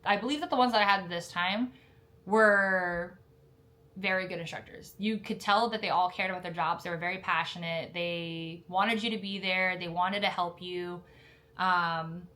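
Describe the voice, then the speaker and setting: A woman's voice: fairly low pitch, steady tone, moderate pace, sharp tone. A young woman casually telling a story about officer training, chatty and full of fillers, laughing now and then. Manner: laughs often while retelling. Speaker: Marine officer candidate telling her story.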